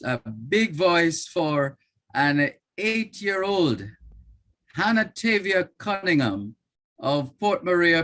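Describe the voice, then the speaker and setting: Slow, deliberate Jamaican man hosting. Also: on the high side, pushed and bright. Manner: measured and deliberate, repeats phrases. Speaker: host of a poetry competition. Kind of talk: live-stream emcee commentary.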